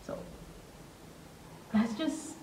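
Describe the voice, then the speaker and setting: A woman's voice: extremely slow, far from the mic, slight background noise. Gushing woman reacting in an echoey room. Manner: excitable, gushing exclamations; earnest, emotional musing. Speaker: reaction video host. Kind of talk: reaction video commentary. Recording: echoey room, voice a bit off-mic, faint music.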